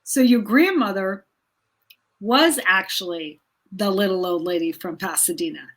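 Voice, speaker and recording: A woman hosting a casual interview, asking chatty, quick questions. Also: mid-range voice, a bit bright. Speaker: interviewer host.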